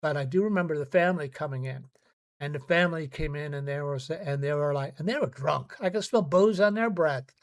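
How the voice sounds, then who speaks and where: A man with a slightly high voice tells personal stories to his podcast listeners. He speaks earnestly and haltingly, stumbling and repeating words as he restarts his sentences. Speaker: podcast host. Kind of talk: personal storytelling monologue.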